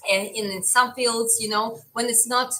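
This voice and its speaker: Young woman, mild eastern european accent, bright voice, chatty, answering comments on a stream, bit of faint noise behind. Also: fairly high pitch, fairly even intonation, normal speed, poor audio. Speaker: livestream host and boxing coach. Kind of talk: casual chat reading viewer comments.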